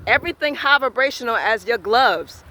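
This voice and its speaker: A man telling a personal faith story with deep feeling. He acts out the quoted dialogue and moves between quiet, hushed moments and loud outbursts. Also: lively intonation, normal speed, slight background noise, poor audio. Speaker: vlogger sharing a personal faith testimony.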